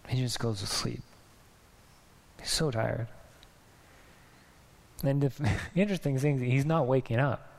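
Gravelly-voiced man giving a casual sermon. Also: medium pitch, unhurried, long pauses. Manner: chatty, laughs often, acts out voices. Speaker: pastor. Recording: faint hiss.

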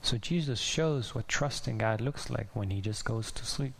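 A man's voice: mid-range voice, normal speed, gravelly, fairly bright tone. A man preaching a casual, chatty sermon who laughs often, with a faint hiss on the recording. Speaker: pastor.

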